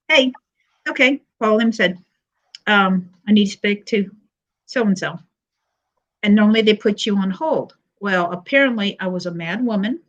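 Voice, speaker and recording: Older woman, muffled lo-fi stream. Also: mid-range voice. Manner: halting, frequent pauses and fillers, retelling with quoted dialogue. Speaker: panel guest sharing her story. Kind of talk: personal testimony on a live stream.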